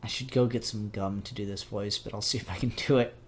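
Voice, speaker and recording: A man's voice: on the low side, steady tone, brisk, slight background noise. A young man giving a casual spoken review of comics, in a rambling, chatty and upbeat way.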